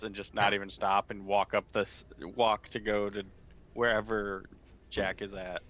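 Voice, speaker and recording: Bright-voiced eager man player. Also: lowish voice, fairly even intonation, moderate pace, lo-fi sound, a little hiss or hum. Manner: eager, stumbling, laughing. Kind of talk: casual chat in a tabletop game.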